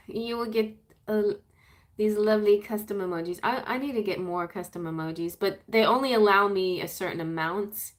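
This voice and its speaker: A woman's voice: medium pitch, normal speed. A woman hosting a live-stream tarot reading, chatty and rambling, laughing often and slipping into playful sing-song voices.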